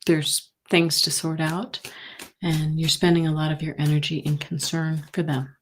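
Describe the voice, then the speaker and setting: A middle-aged woman hosting a live tarot reading stream, talking gently and sympathetically with many pauses and fillers. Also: sits low, level tone, a little hiss or hum. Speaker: intuitive reader, host.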